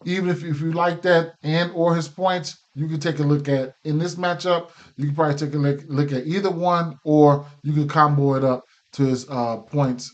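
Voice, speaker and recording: A man runs through his sports betting picks in a loose, easygoing way, full of fillers and restarted phrases. His voice sits slightly high for a man, and a case of the hiccups breaks in now and then. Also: fairly even intonation, moderate pace, few pauses, lo-fi sound. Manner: loose, filler-heavy, repeats himself. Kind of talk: casual betting picks talk.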